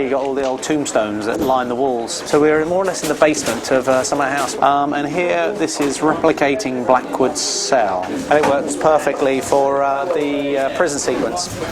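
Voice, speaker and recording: A man showing a film set, explaining it in a casual way. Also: mid-range voice. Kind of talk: set tour.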